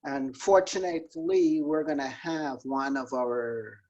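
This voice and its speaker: A man, a youth soccer coach, hosting a casual video-call interview and asking questions haltingly, with many fillers and repeated words. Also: medium pitch, darkish tone, dull audio.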